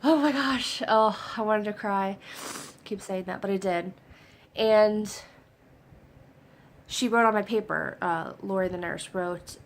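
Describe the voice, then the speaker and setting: A young adult woman chatting excitedly in a personal vlog update, a little hoarse from a cold, with lots of fillers. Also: mid-range voice, a little hiss or hum. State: getting over a cold. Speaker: vlogger.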